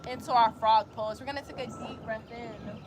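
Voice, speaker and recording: With a noisy background behind her, a young woman guides viewers through yoga outside in a light rain. Her fairly high voice keeps a fairly even intonation at a moderate pace as she cues poses and breathing, adding chatty slang along the way.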